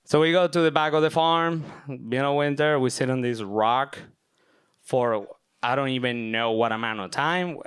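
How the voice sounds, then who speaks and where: Young man, smooth resonant storytelling voice. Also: mid-range voice, moderate pace, fairly bright tone. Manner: casual, self-mocking, filler-heavy. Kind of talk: live personal storytelling. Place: stage at a live event.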